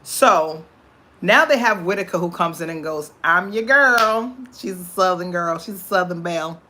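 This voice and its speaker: A woman host giving casual, animated commentary on a court case, slipping into voices for the people she quotes. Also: fairly low pitch, moderate pace, a little hiss or hum. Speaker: show host.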